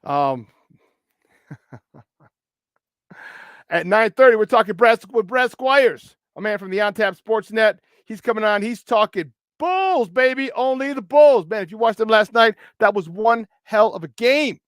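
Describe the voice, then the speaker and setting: A man with a Chicago accent hosting a morning sports talk show, energetic and playful, giving slangy shout-outs to his listeners. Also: high voice, a little slow, no echo. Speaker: sports talk radio host.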